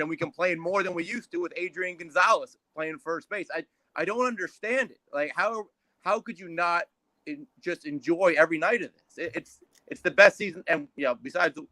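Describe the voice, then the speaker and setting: A man's voice: on the high side, pushed and bright, no room sound, low-quality recording. A man from Central New Jersey with a New Jersey accent, calling in as a fan and ranting passionately with lots of swearing and stammered restarts. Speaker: caller, college football coach. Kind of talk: fired-up sports call-in rant.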